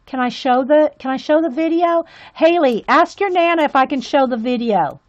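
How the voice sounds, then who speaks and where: A high-pitched female livestreamer talks at normal speed with hardly any pauses while coloring with her viewers. The stream is casual, and she's chatty and gushing, exclaiming often; the audio is dull lo-fi.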